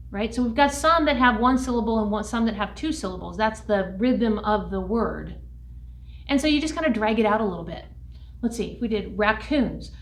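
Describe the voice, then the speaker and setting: A woman music teacher leads a lesson for young children in a bright, fairly high voice, speaking slowly and clearly and keeping her tone upbeat. She sounds a bit distant from the microphone. The room around her gives off a noticeable echo. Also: expressive. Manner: shouts chant calls in a high voice.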